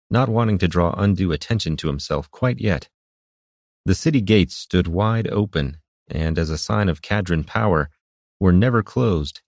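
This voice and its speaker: A man reading fantasy narration in a steady, measured way. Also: low voice, no room sound, clean studio sound. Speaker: audiobook narrator.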